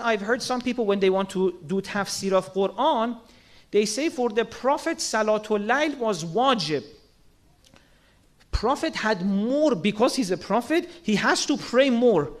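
A man with a strikingly high voice delivers a sermon to his listeners. He speaks earnestly, asks rhetorical questions and slips into acted-out quotes to make each point. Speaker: religious speaker.

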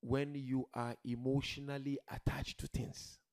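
A man preaching a religious sermon to a seated gathering, emphatic, swinging from loud declarations to quiet murmurs and addressing the listeners directly. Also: medium pitch, little pitch movement, unhurried. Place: gathering hall with a seated audience.

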